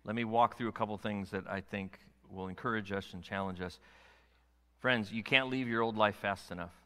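A male pastor delivers a sermon in a bright, forceful voice. He moves between hushed, intimate passages and loud, pressing exhortation. The sound carries a long reverb from a large church sanctuary. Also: on the low side, steady tone, moderate pace, clean tone.

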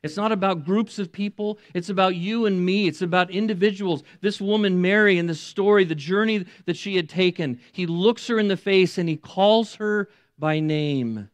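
Middle-aged male pastor, sermon delivery, slightly high, dry close sound, dramatic quoted voices. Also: normal speed, hardly any pauses, no room sound. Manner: dramatic retelling with voiced quotes, rising to emotional peaks.

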